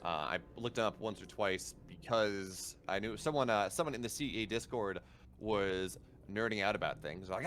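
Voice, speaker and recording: A man's voice: on the low side, brisk, fairly bright tone, a little hiss or hum. A man casting a live esports match, chatty and enthusiastic in long run-on stretches. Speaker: esports caster. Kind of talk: live game commentary.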